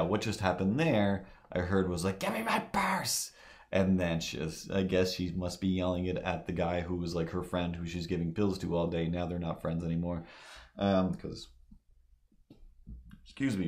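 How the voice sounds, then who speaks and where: A man chatting loosely on a live stream, telling rambling stories full of fillers and restarts. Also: deep voice. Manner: meandering, filler-heavy storytelling.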